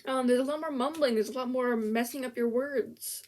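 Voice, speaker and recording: A woman's voice: sits high, moderate pace, a little mellow. A young woman ranting in casual commentary about a language app, blunt and sarcastic, swearing freely and often restarting her sentences. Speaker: vlogger reviewing a language app.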